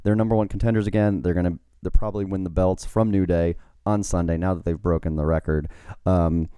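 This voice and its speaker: Deep, mellow man in easygoing chat. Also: steady tone, brisk, smooth, dry recording. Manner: easygoing, plays devil's advocate, many fillers. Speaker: podcast co-host. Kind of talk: casual chat.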